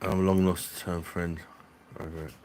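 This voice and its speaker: Middle-aged bloke, low-pitched, sweary banter for a live stream. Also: male voice, little pitch movement, moderate pace, darkish tone, slight background noise. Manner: blunt, sweary, jokey banter with chat. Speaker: live streamer and beer reviewer. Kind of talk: casual live-stream chat.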